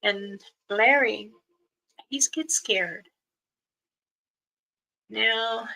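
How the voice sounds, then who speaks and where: Slow, gravelly woman telling a story. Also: medium pitch, steady tone, pushed and bright, low-quality recording. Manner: slow, pausing, with restarts. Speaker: spiritual elder storyteller. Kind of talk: casual spoken storytelling.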